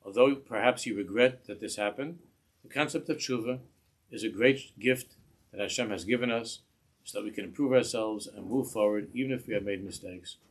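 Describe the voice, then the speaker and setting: A man giving a religious lesson in a measured way, often repeating phrases as he searches for words. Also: lowish voice, slightly rough. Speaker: religious teacher. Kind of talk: instructional talk to parents.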